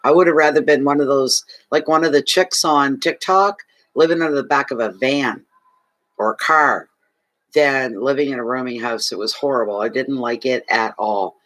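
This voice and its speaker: A man's voice: medium pitch, moderate pace, fairly bright tone. A man from Canada chatting casually on a livestream as a fortune reader, emotional, thanking viewers and talking to his dog.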